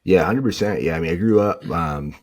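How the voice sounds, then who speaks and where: A man's voice: low-pitched, a little fast. A young man from New England, a podcast guest, telling stories in a casual way and acting out what others said. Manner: animated, acts out quotes of others. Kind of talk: casual storytelling.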